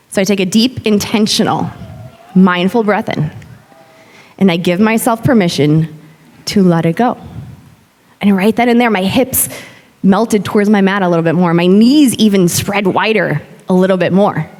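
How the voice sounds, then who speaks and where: Woman in her thirties telling her story in a hall. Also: medium pitch. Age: 30s. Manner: candid, expressive storytelling. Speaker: yoga instructor. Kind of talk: personal story talk to a live audience. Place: large hall. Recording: long hall reverb.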